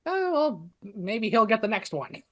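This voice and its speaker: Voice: mid-range voice, sing-song, measured pace, pushed and bright. A player chatting casually at a tabletop game. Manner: casual, chatty, many fillers.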